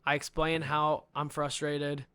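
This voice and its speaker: A man with a fairly high voice tells an outraged story on a podcast. He builds up, gets louder and laughs between lines. The sound is dry and close. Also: monotone, unhurried, vocal fry, clear, resonant tone, no room sound. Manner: indignant, building, with bursts of laughter. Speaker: podcast guest. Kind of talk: animated storytelling rant.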